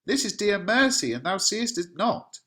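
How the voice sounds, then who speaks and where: A man's voice: mid-range voice, sing-song, normal speed, a bit bright. A man voicing an older male friar and mentor, reading verse aloud in a declamatory, scolding way. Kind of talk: dramatic reading of a play.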